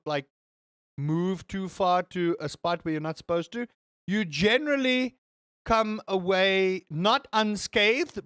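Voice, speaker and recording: Young guy streaming, chatting to chat, high voice, super dry close sound, rambly and animated. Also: clean tone, no echo. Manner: animated, rambling, exaggerated exclamations. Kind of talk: casual chat with live chat.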